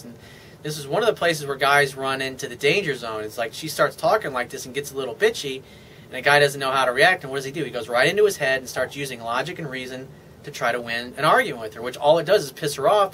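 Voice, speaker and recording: A man's voice: medium pitch, fast talker, pushed and bright, a little hiss or hum. A man giving blunt, casual dating advice as a coach, with profane, dismissive asides.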